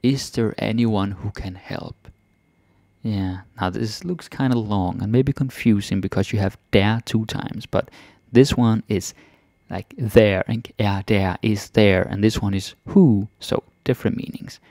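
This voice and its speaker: Male language teacher, low and gravelly, relaxed chatty delivery, dry close recording. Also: no echo. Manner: relaxed, chatty, repeats phrases slowly then fast. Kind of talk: casual language lesson.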